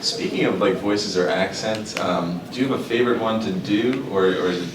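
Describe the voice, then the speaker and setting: A man poses a question with hesitant "um"s. His lowish voice comes from far off, with an echoey room and background noise around it. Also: moderate pace. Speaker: fan interviewer. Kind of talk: press conference questions. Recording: distant mic in an echoey noisy room.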